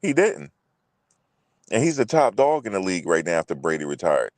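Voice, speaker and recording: A man's voice: low voice, very animated, fast talker, a little mellow, dry recording. A man hosting a casual sports chat, loose and profane, repeating himself and talking straight to viewers. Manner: loose, profane, repetitive, talks to viewers directly. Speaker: sports show host.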